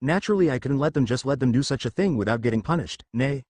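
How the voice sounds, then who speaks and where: A man's voice: medium pitch, lively intonation, quick pace, a little mellow, dry recording, close to an everyday voice. A man voicing a cocky, playful young male ninja prankster in a read-aloud story, teasing and grinning.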